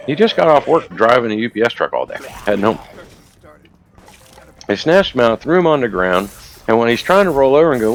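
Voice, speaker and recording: A man's voice: medium pitch, sing-song, brisk, slight background noise. A man casually retelling a story while gaming, rambling and profane. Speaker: gamer recounting a news video.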